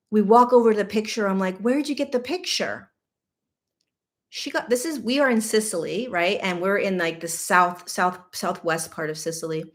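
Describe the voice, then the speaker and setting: Woman host, middle-aged, animated and candid storytelling, chatty asides. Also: fairly low pitch. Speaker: podcast host. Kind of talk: personal storytelling.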